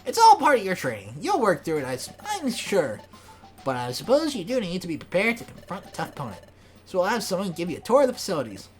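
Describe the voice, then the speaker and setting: A woman's voice: fairly low pitch, wildly swooping pitch, fast talker, music in the background. A woman voicing a bossy, talkative male bird who briefs new recruits in a lecturing tone.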